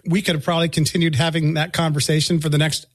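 A man's voice: a little high, level tone, fast talker, no room sound. A friendly male co-host chatting easily on a podcast. He is close to the mic, and the sound is dry. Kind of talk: casual podcast chat.

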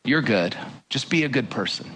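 A man voicing a smooth, reassuring male spirit of false teaching, lulling in tone, in a sermon. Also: mid-range voice, animated, moderate pace, a bit bright, a little hiss or hum, voice pushed down, natural voice. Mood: soothing.

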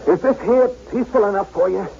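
An actor playing a talkative, wisecracking ex-Marine from Brooklyn with a Brooklyn accent, narrating and leading a 1940s radio drama. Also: male voice, high voice, quick pace, vocal fry, slight background noise. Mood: wry. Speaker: narrator and lead. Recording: dull old radio broadcast.

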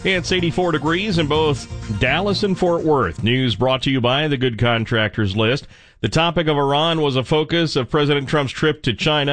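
A man reading the news as a radio anchor in a crisp newsreading style. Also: on the high side, fairly bright tone, dry recording. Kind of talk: radio newscast.

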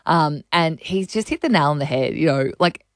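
An Australian woman hosting a radio show, talking in a relaxed, chatty way full of "like" and "um". Her voice sits a little low for a woman. It is recorded dry and close in a studio. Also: moderate pace, dry recording. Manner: chatty, giggly, lots of fillers. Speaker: radio host. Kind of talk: casual radio chat.

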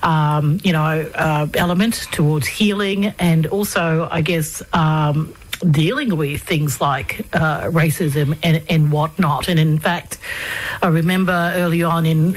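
Breathy low-voiced woman interviewer. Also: rough recording. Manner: hesitant questions, many fillers and restarts. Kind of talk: conversational interview.

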